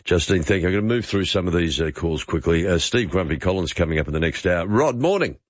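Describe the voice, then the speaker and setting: A man hosts a talk radio call-in in a very low voice. He keeps it easygoing and chatty, with a dry, slightly muffled studio sound. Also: fairly even intonation, quick pace, dry recording. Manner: easygoing, chatty, responds briefly between callers.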